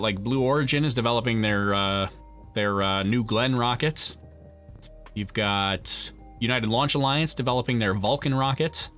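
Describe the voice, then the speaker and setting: This man hosts a launch livestream, casually reading chat and answering viewers while rambling, restarting often, and laughing. His voice is mid-range and a bit bright.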